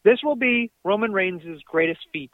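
A man with a high voice rants excitably about wrestling, swearing as he goes. He is calling in from his car, and his voice comes over a tinny, dry phone line. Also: moderate pace, dry recording. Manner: excitable, ranting, profane. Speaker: wrestling podcast co-host. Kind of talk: casual chat.

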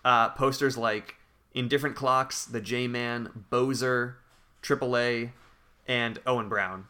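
Bright-voiced man telling a story. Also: medium pitch, steady tone, takes it slowly, clear, resonant tone. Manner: reads forum posts aloud, breaking into laughter. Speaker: podcast co-host telling a story. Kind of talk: casual podcast storytelling.

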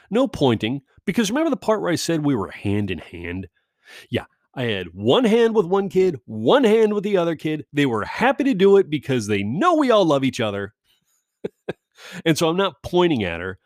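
A man hosting a podcast, telling a story in a casual, profane, animated way and laughing often. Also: medium pitch, no echo, studio quality. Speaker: podcast host.

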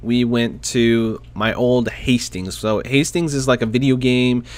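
A man's voice: mid-range voice, steady tone, a little slow. Chatty young man telling a story. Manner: chatty, laughs often, self-deprecating. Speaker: vlogger. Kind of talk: casual storytelling to camera. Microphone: desk microphone.

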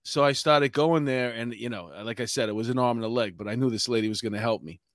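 A man's voice: medium pitch, quick pace, no echo, studio quality. A middle-aged man with a New York accent, hosting a casual chat show and rambling with many fillers. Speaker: podcast host.

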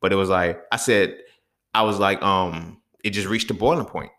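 A man's voice: low-pitched, moderate pace, fairly bright tone. A man hosting a podcast, ranting heatedly in a casual monologue full of profanity and street slang. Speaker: podcast host.

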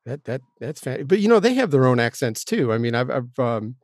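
A man hosts a casual interview, rambling from thought to thought with frequent restarts. He talks at an average pitch and is quick to joke about himself. The sound is dry and close. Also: sing-song, darkish tone, dry recording. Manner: chatty, rambling, self-deprecating. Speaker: podcast host.

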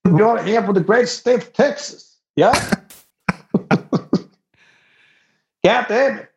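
A man with a Spanish accent doing a boisterous Texan cowboy impression, pitched high and drawling. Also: slow pace, vocal fry, slight background noise, heavily acted. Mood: boastful. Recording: roomy, dull lo-fi recording.

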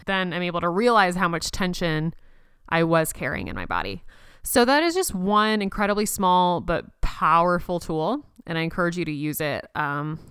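A young woman hosting a personal podcast, speaking gently and reassuringly as she leads listeners through a slow counted breathing exercise. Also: lowish voice, clean tone, dry recording, clean studio sound. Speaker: podcast host.

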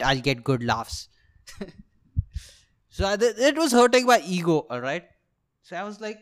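A young man with an Indian English accent, a podcast host and aspiring comedian who tells a story in a comedic monologue. He is animated, swears freely and laughs at his own jokes. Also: high voice, normal speed, long pauses.

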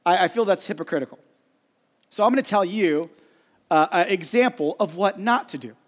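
A middle-aged male pastor preaching from a church stage, telling a self-deprecating story in an animated way. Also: sits high, moderate pace. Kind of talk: storytelling sermon. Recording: long hall reverb.

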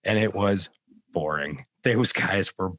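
A man's voice: deep voice, slow, fairly bright tone, no room sound. A man co-hosting a podcast in casual chat, tossing in dry, teasing remarks and telling a short story. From United States. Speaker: podcast co-host.

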